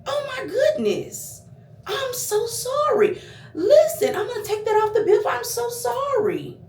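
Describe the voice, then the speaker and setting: Woman doing a sugary, over-apologetic waiter guy, high-pitched, in a roomy echo. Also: sing-song, a little slow, a little mellow, far from the mic, exaggerated voice. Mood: fake apologetic. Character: overly apologetic male waiter, flustered and falsely sweet.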